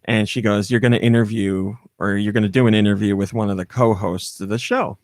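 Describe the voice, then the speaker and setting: A man's voice: on the low side, fairly even intonation, fairly quick, darkish tone, no echo, clean studio sound. An American man hosting a podcast, telling a story in casual chat, acting out the voices in it and laughing often. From United States. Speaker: podcast host.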